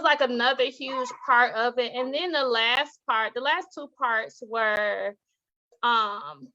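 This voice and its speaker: A woman, a teacher and author, talking as an interview guest, telling stories with lively acted-out quotes and frequent laughter. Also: high-pitched, dull audio. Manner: animated storytelling, acts out quoted voices, laughs often. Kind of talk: casual interview talk.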